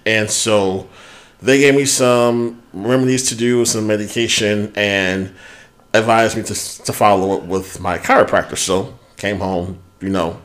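A man co-hosting a podcast, telling a story in casual chat, animated and swearing freely as he goes. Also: lowish voice, unhurried. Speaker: podcast co-host.

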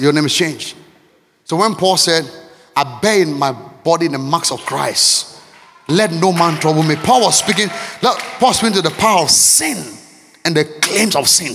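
A man preaching a sermon. He is impassioned and repetitive, swinging between shouts and near-murmurs. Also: fairly high pitch, animated, normal speed, gravelly, noisy background. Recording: long reverb of a large hall.

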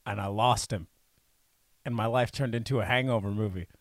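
Low-voiced man telling a rambling story. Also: a little fast, dry recording, studio quality. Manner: rambling, animated anecdotes with put-on quotes. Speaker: podcast co-host. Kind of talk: casual chat, storytelling.

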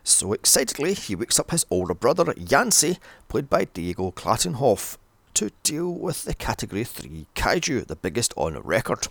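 A man's voice: on the low side, very animated, moderate pace, creaky, a bit bright, no echo. A man recapping a film in a sarcastic, exasperated rant, swearing constantly. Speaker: film reviewer. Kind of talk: profane ranting film recap.

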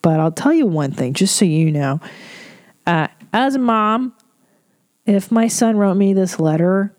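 A middle-aged woman hosts an advice podcast, talking frankly and swearing freely as she responds to listener letters. Her voice sits at a middle pitch, recorded dry and close with no room sound. She gets openly emotional while she talks. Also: expressive, a little slow, a little mellow, dry recording. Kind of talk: candid advice chat.

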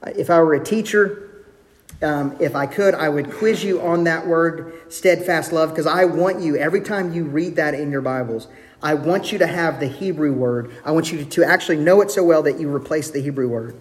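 Man, pastor, sermon delivery, earnest, soft hushed asides, long reverb. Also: on the high side, moderate pace. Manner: earnest, varies pace, drops to soft intimate tones for quotes.

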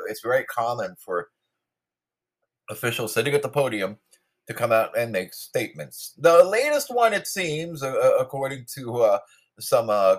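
A man delivering an opinionated, sarcastic political monologue, rambling with many fillers and asides. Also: lowish voice. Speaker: political commentator. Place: New York City.

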